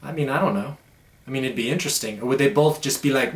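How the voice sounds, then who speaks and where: A man's voice: medium pitch, a little fast, a bit bright. A young man talking blunt, profane and emphatic in a casual monologue as a podcast host. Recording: echoey room.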